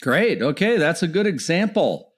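A man with a notably high voice hosts a podcast interview, asking short, curious questions in a friendly tone. He keeps his prompts brief and leaves room for his guest. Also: big pitch swings, normal speed. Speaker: podcast host.

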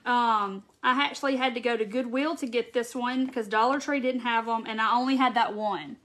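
A woman chats through a live crafting stream, her voice sitting high and bright. She talks loosely and warmly to viewers, drawing out words and greeting them one by one. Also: a little hiss or hum. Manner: chatty, drawn-out Southern "y'all" talk, greets viewers by name. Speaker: crafting livestream host. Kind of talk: casual live crafting chat. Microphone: phone or camera mic on a livestream.

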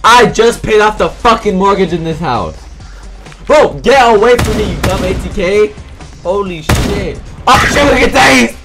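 A man giving loud, profane, excitable commentary while playing a game online. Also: high-pitched, measured pace. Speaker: gaming video creator. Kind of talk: gameplay commentary. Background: game music and gunfire.

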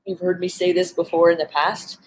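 A woman with a low-pitched voice talks in a casual, earnest way on a live stream, thinking aloud with many ums and restarts. Faint background noise sits under her voice. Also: flat delivery, fairly quick, low-quality recording. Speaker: animal behavior specialist hosting a live stream. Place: indoors with animals around.

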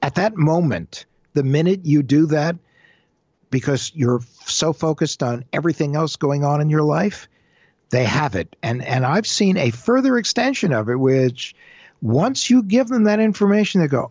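A man's voice: fairly high pitch, normal speed, husky, no echo, lo-fi sound. A man being interviewed as an identity-theft expert, telling stories and acting out the voices of scammers and their victims. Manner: animated storyteller, acts out scammer and victim quotes. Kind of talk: interview answers.

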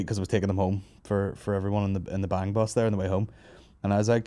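A man's voice: fairly low pitch, little pitch movement, racing, warm tone, no room sound. A young man hosting a comedy podcast, telling stories with lots of swearing and laughing asides. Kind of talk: casual banter.

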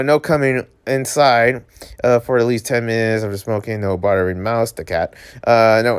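Brief: man reading a romance comic aloud, casual, jokey, animated reactions. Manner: animated, jokey, yelps high on surprise. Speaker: channel host reading a webcomic aloud.

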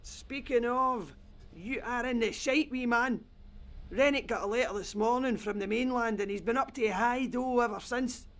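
An actor playing a blunt, sweary Scottish oil rig worker in a video game, grumbling in a matter-of-fact way. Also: male voice, extremely high pitch, normal speed, fairly bright tone, soft background music. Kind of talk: game voice acting.

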